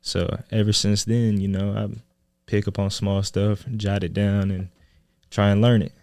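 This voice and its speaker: A young man in his twenties, a podcast guest telling stories in a relaxed, casual way with laid-back slang. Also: on the low side, unhurried, no echo, clean studio sound. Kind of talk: casual interview.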